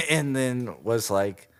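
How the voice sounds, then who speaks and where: A man co-hosting a casual podcast in a relaxed, wry way. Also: medium pitch, very slow. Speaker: podcast co-host. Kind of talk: casual chat.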